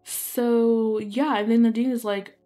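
A woman's voice: on the high side, fairly even intonation, takes it slowly, warm tone. A young woman casually telling a story while playing, rambling with many fillers and apologetic asides. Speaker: gaming video creator.

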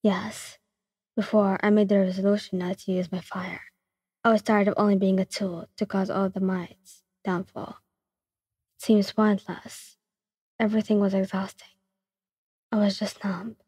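A woman reading as a calm, caring teenage boy. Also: mid-range voice, moderate pace, pauses often, slightly rough, dry recording, studio quality, in a large hall, close to an everyday voice. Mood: gentle. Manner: soft, gentle, reassuring.

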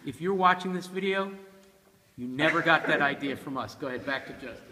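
A man leading a classroom poetry discussion, quizzing students with a lively, playful manner. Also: fairly high pitch, brisk. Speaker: seminar leader. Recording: echoey room from a distance, faint hiss.

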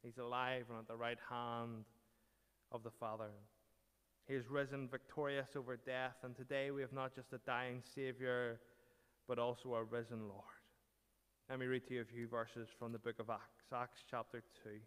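A man preaching with dramatic, emphatic phrasing, his voice smooth and resonant. The sound carries a long reverb from the church around him. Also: mid-range voice, flat delivery, normal speed, a bit bright. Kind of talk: sermon.

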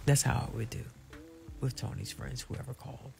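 A woman's voice: extremely low pitch, very animated, brisk, gravelly, faint music behind. A middle-aged woman hosting her own channel, talking casually and playfully straight to her viewers and laughing often. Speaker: channel host.

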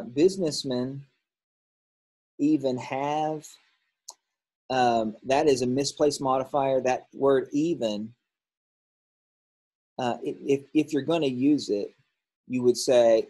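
Here a male teacher goes over workbook answers in a grammar lesson, musing aloud and catching his own errors. His voice is medium in pitch with a breathy edge, and the recording is rough.

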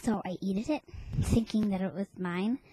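A woman's voice: medium pitch, moderate pace, dark tone, husky, low-quality recording. A woman hosting a homemade webcam show in a playful, rambling way, often dropping into a whisper. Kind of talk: casual webcam chatter.

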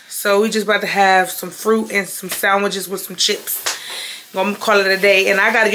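A woman's voice: mid-range voice, a little hiss or hum. A young woman chatting casually to her viewers while shopping and at home, a bit out of breath, recorded on a handheld phone. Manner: chatty, addresses viewers as y'all. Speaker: vlogger, mother. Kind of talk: casual vlog chat. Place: grocery store, then home. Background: loud background music.

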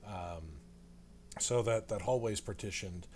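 A man narrating as game master of a tabletop game, describing scenes in a halting way with many fillers. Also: on the low side, darkish tone, a little hiss or hum.

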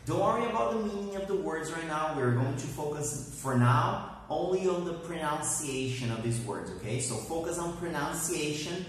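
A man teaching an online English lesson, who speaks slowly and has learners repeat words after him. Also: a little high, animated, slight background noise. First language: Portuguese. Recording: very echoey room, heard from a distance.

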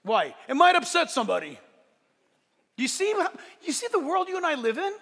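A man preaching a sermon to his church, animated and swinging from loud declarations to soft, joking asides. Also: very high voice, normal speed, long reverb tail. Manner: playful, joking asides to the congregation. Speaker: pastor. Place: church service.

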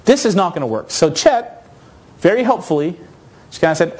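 A man from North America giving a conference talk, telling a story in an animated, self-mocking way. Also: sits high, brisk, long pauses. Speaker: conference speaker.

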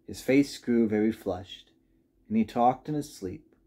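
A man reading a children's storybook aloud with gentle, expressive narration. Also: lowish voice, unhurried. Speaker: reader.

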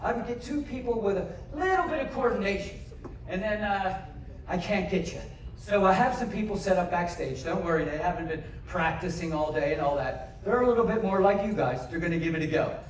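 High, animated male stage comic working a crowd, recorded from the audience in a big echoing hall. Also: a little fast. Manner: joking crowd banter, cheers loudly. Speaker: variety performer. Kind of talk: live stage comedy patter. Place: large cruise ship theater. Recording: echoey theater filmed from far off. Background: audience noise.

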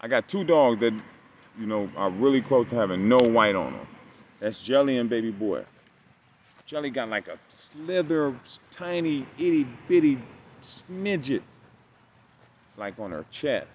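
A man talking casually to the camera while working his dog outdoors, halting and fumbling over his words, with bursts of cooing praise for the dog. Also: on the low side, animated. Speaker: dog owner and breeder. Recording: dull lo-fi camera audio with faint outdoor noise.

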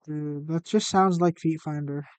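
A young man plays a video game with his girlfriend and chats as they go, teasing and joking with her. His voice sits a little high for a man. The sound is close and dry. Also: fairly even intonation, measured pace, a little mellow, no room sound. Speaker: streamer's boyfriend. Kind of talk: casual gaming chat.

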